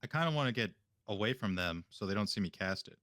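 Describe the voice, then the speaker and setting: A man's voice: fairly low pitch, expressive, quick pace, fairly bright tone, dry recording, clean studio sound. A man playing a tabletop game, talking casually, rambling with fillers and the odd swear word. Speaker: player.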